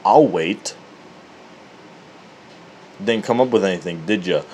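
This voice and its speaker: A man telling a comedic story in an animated, profane way, laughing at his own jokes. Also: sits low, slow, a little hiss or hum.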